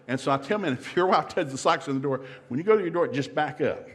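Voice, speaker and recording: A man's voice: mid-range voice, fast talker, few pauses. A middle-aged man giving a humorous marriage seminar talk in a folksy, joking way, acting out couples' dialogue. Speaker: guest seminar speaker.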